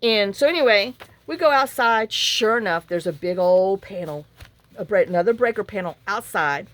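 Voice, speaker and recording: A woman, talking in a casual, rambling way while she works on a craft project at home. She tells a story frankly, with sighs and asides. Her voice sits at an ordinary middle pitch. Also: expressive, normal speed. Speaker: crafting vlogger.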